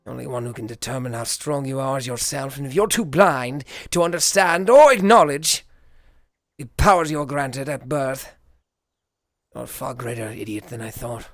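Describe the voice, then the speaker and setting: A man's voice: mid-range voice, moderate pace, no echo, natural voice. A man voicing a bitter, sarcastic young male magic student in a live roleplay, muttering with scorn and a put-on accent. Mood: scornful.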